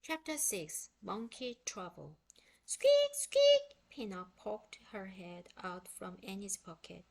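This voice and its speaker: A woman reading a children's book aloud in expressive, unhurried storytelling; her first language is Korean. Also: mid-range voice, gravelly. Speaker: book reader.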